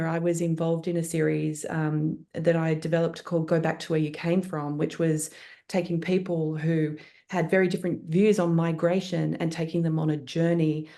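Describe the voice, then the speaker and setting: A woman speaks as a guest on a panel. Her voice sits low and mellow, and she talks thoughtfully, pausing with fillers and restarting her sentences. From Australia. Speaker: guest producer. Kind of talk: panel interview.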